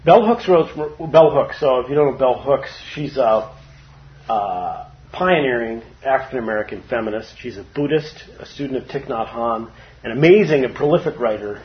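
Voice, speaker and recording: A man giving a casual, informal dharma talk to a group, chatty and quick to laugh. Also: medium pitch, animated. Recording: dull lo-fi recording.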